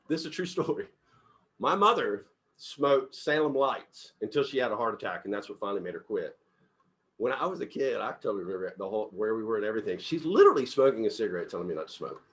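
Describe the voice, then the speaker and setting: Animated, laughing middle-aged man. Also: mid-range voice. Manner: animated storyteller, laughs often, acts out quotes loudly. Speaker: company CEO leading a book discussion. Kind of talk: casual group book discussion.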